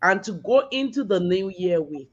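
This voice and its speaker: A woman giving a slow, encouraging motivational message that repeats its key words, over lo-fi call audio. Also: medium pitch, lively intonation. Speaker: guest speaker. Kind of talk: motivational talk.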